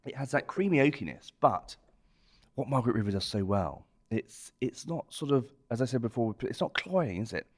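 A man explaining wine in a relaxed, descriptive way during a casual podcast chat. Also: mid-range voice, moderate pace. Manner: expansive, descriptive about wine. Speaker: wine expert guest.

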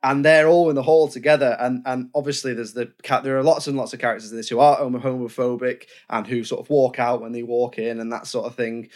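A man's voice: mid-range voice, level tone, fast, hardly any pauses, a little mellow. A man co-hosting a podcast, talking casually and recounting film scenes with many restarts. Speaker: podcast co-host. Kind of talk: casual film review chat.

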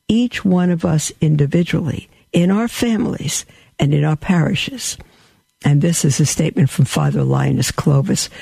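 A Catholic commentator with a slightly high, creaky, husky voice and a dark tone reads quotes aloud and comments on them for his listeners. He's earnest, repeats points for emphasis and uses the occasional filler, with no room sound in the recording.

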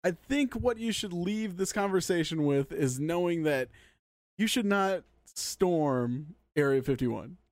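Animated man, laughing podcast co-host. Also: a little high, unhurried, dry recording. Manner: laughing, swearing, lively banter. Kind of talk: casual podcast chat. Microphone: headset.

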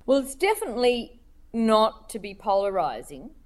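A woman cartoonist being interviewed, speaking thoughtfully with many pauses, fillers and restarts. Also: a little high, very animated, a little mellow. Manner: hesitant, many restarts and fillers, laughs while telling stories.

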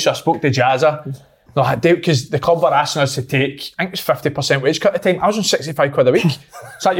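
A man's voice: on the high side, breathy edge. A Scottish man, a former footballer, telling a story in a chatty, casual way.

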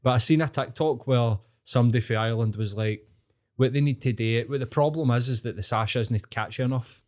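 A man's voice: mid-range voice, a little fast. Sweary Glasgow man ranting on a podcast. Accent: Scottish, Glasgow. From Scotland. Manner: animated, swears constantly, rants. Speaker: podcast co-host. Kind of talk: casual sweary podcast chat.

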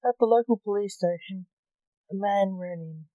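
A woman reading her own short story aloud for a podcast, measured and plain. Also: mid-range voice, no echo, highs cut off.

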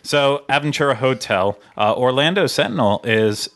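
A man's voice: mid-range voice, normal speed, a bit bright. A man hosting a casual podcast, running through news with plenty of fillers. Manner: rambling news rundown with fillers. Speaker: podcast host. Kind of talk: casual chat.

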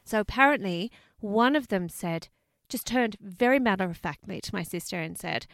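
A bubbly woman co-hosting a casual chat show. Her bright voice leaps lively up and down as she laughs and gets excited. The sound is close and dry. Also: mid-range voice, moderate pace, gravelly, no room sound. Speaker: podcast co-host.

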